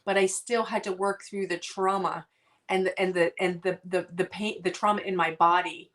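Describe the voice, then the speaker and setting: A woman's voice: fairly low pitch, fairly even intonation, fairly bright tone. Earnest middle-aged woman telling her story. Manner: earnest, halting, many restarts. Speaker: guest author. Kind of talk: heartfelt personal storytelling.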